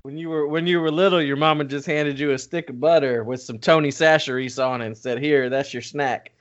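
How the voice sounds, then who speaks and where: A man hosting a casual fishing podcast, talking in an animated, teasing way with laughs. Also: fairly high pitch, brisk, dull audio.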